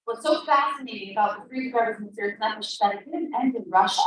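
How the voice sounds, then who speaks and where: A woman with a high, bright voice delivers an impassioned inspirational talk, leaning hard on repeated phrases. Her voice rings through a very echoey room, picked up from well off the mic with a faint hiss behind. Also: fast, far from the mic. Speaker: speaker at a women's event.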